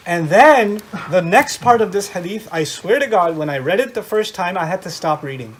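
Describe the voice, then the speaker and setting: A middle-aged man giving an animated religious lecture to a live audience, often quizzing his listeners with questions. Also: high voice, fairly quick, a little hiss or hum. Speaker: Islamic lecturer.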